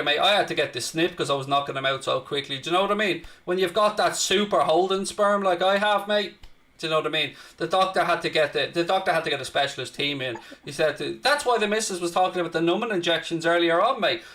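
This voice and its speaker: A man's voice: on the high side, sharp tone. A man, hosting a live football watchalong with brash, crude, mock-boastful banter. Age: 30s. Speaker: host.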